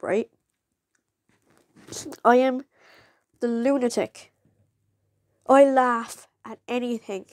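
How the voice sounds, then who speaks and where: A woman's voice: fairly high pitch, dry recording, studio quality. A young woman chatting casually in a vlog, rambling with many "like"s. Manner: rambling, filled with "like", jumps into excited quoted voices. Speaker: vlogger. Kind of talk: casual chat to camera.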